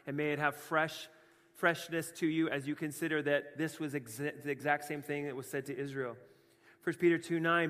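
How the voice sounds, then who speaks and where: A Canadian pastor preaching with passion, moving between hushed, quiet stretches and emphatic, fired-up bursts. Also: male voice, a little high, long reverb tail. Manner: impassioned, swings from hushed to emphatic. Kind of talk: sermon.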